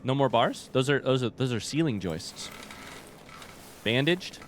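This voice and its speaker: A man streaming a horror game with casual commentary, animated and wry, swearing and joking as he plays. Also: mid-range voice, measured pace, slight background noise. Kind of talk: casual let's-play commentary.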